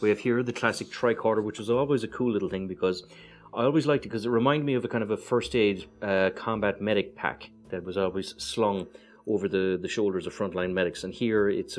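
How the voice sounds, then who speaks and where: An Irish man casually walking through a board game's cards one by one, relaxed and hesitant, with many fillers and chatty asides. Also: low-pitched. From Ireland. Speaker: board game reviewer. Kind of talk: casual card-by-card walkthrough.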